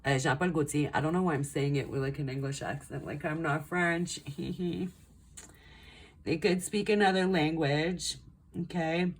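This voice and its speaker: A woman's voice: low-pitched, steady tone, unhurried, husky. A young woman giving a casual pick-a-card tarot reading, rambling and chatty with lots of ums and likes. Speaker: tarot reader.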